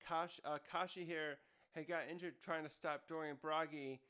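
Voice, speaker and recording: Man reviewer, casual rambling commentary, slightly high, smooth clear voice. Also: fairly even intonation, moderate pace, bright, forceful tone. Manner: rambling, self-correcting. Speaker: manga reviewer.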